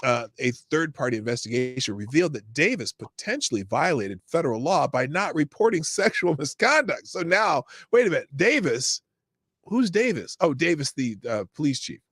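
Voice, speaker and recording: A man's voice: on the high side, sing-song, normal speed, slightly rough, no room sound, clean studio sound. Sarcastic, ranting male stream host. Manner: sarcastic, bursts into shouted rants. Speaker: live-stream show host. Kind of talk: live-stream news commentary, reading chat.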